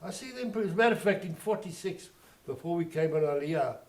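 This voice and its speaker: A man's voice: on the high side, expressive, quick pace. An older man from South Africa telling his life story in an oral history interview, plainspoken and digressive.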